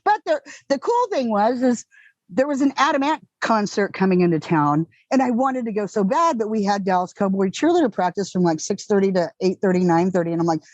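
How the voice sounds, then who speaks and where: A middle-aged woman with a Texan accent telling candid, animated stories in an interview, swearing freely and acting out the people in them. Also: medium pitch, brisk, dry recording, dull audio. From Texas. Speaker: actress guest. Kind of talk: casual interview storytelling.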